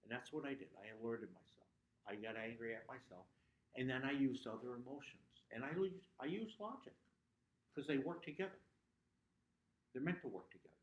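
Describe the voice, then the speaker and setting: A man's voice: medium pitch, animated, fairly quick, dull audio. A man giving a motivational talk as a guest speaker at a club, earnest and prone to sudden emphatic bursts. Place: meeting room at a club. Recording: echoey room.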